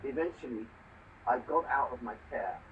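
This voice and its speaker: Here a medium-pitched man speaking at normal speed tells a story earnestly in casual conversation, regularly slipping in "you know." He lives in Hong Kong; the audio is distant and muffled, with faint background noise.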